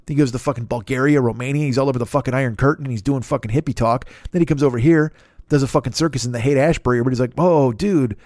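A man's voice: fairly high pitch, darkish tone, no room sound, clean studio sound. A man host riffing through a profane, rambling comedic monologue. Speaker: podcast host.

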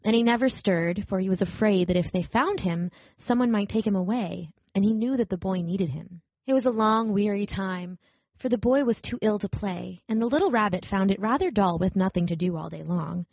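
A woman narrating a storybook aloud in a gentle, even storytelling manner. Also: mid-range voice, moderate pace, gravelly, dry recording. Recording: dry, slightly dull recording.

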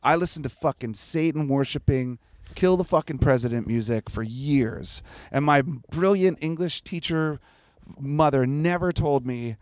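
A man's voice: a little high, unhurried, darkish tone, no room sound. A man in his forties, telling stories in a casual interview with a lot of swearing and laughter. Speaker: guest musician.

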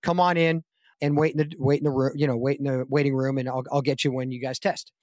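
A guest actor on a casual podcast interview tells a long anecdote in a mid-range voice at a quick pace. He animatedly acts out quoted lines by raising his voice, and the recording is dry and studio quality.

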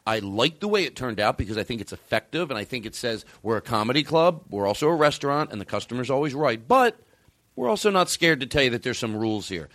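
A man's voice: mid-range voice, fast, no echo. Dry-sounding man telling comic stories. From Philadelphia area. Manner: animated storyteller, swears freely. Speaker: podcast host. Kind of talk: casual comedic chat.

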